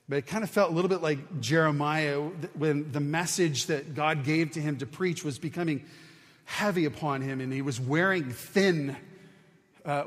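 A man delivers a sermon in an earnest, conversational teaching style, often restarting his phrases. His voice sits a little higher than usual for a man. Long reverb trails behind his words, as if he is speaking in a large hall. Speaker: pastor.

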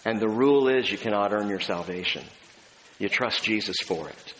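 A male pastor preaching a sermon, talking directly to his congregation and swinging between emphatic, raised passages and hushed, low ones. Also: moderate pace. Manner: conversational and direct with the audience. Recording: long hall reverb, faint background noise.

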